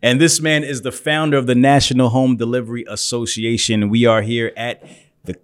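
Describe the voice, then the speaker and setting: A man's voice: medium pitch, little pitch movement, a little fast, clean tone, no echo. A man hosting a podcast, talking in an upbeat, hyped and jokey way. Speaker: podcast host.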